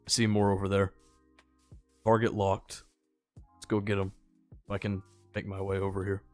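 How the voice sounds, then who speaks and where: A young man with a slightly low voice chats easily over his gameplay, wandering from topic to topic and talking to the animals he meets. Soft music sits faintly behind him. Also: completely flat delivery, normal speed. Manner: rambling, easygoing, talks to the game animals. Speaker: gaming channel host. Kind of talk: casual gameplay commentary.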